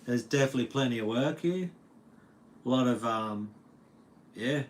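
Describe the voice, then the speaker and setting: A man's voice: medium pitch, animated, moderate pace, slight background noise. Laid-back, swearing Australian man. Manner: laid-back, slangy and profane. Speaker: metal guitar teacher streaming live. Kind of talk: casual livestream chat. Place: at home.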